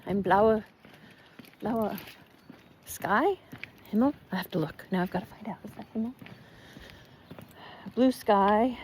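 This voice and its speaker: A woman chatting casually while walking her dog outdoors, rambling and switching into halting German. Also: mid-range voice, a little mellow, slight background noise. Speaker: vlogger. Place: outdoors in a neighborhood.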